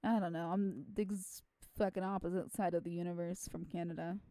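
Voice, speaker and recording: A woman's voice: fairly low pitch, steady tone, brisk, warm tone, no room sound, studio quality. A young woman streaming a game, joking and reading every part aloud. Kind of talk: game playthrough commentary. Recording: game music behind voice.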